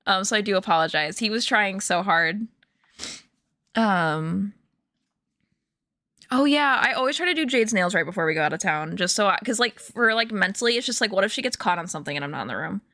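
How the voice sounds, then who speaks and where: Bright-voiced young woman chatting on stream. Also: medium pitch, lively intonation, brisk, dry recording, clean studio sound. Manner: chatty, rambling storytelling with many fillers and laughs. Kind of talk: casual chat to stream viewers. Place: home room.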